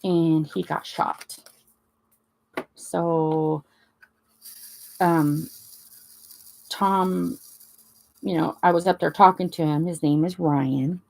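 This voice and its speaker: A woman's voice: low-pitched, very slow, gravelly, long pauses. A woman hosting a crafting chat, telling a rambling story in a casual way and acting out the dialogue. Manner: rambling, animated retelling with quoted dialogue. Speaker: crafting channel host.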